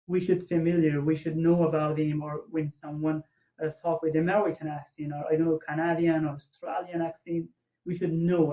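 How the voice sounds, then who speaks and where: Male interview host; halting and word-searching; thin phone-like line in an echoey room. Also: fairly high pitch. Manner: halting, searching for words, many restarts. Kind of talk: casual interview chat.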